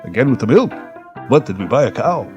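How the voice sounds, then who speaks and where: A man's voice: mid-range voice, sing-song, muffled recording, over music, lightly acted. A man doing a kvetching New comic. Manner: punchy kvetching rhythm, rapid quips. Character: boy doing a brash Jewish stand-up comic.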